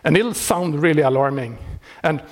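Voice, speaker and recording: A man who maintains a software project, talking casually and wryly, laughing often and restarting his sentences. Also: on the high side, moderate pace. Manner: wry and animated, laughing often, many restarts. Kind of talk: casual explanatory talk.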